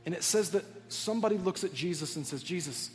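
Man, pastor, earnest storytelling sermon, fairly high voice, long church reverb. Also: fast, a little mellow, faint music behind. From United States. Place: church sanctuary.

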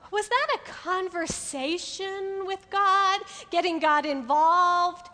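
High bright-voiced woman preaching. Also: a little slow, long reverb tail. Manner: lively, acts out inner voices with humor. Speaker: women's ministry speaker. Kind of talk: sermon. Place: hall with an audience.

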